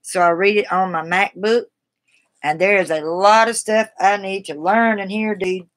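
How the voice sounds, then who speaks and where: A woman's voice: mid-range voice, steady tone, normal speed. Chatty Southern woman live-streaming. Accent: Southern American. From American South. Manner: chatty, rambling, laughs easily. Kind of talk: casual live stream chat.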